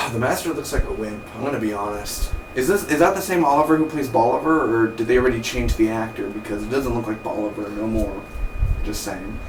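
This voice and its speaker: A man casually recapping a TV episode, rambling and acting out the characters' lines in quick offhand impressions. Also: medium pitch. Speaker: TV review vlogger. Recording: roomy, distant from the mic, faint noise.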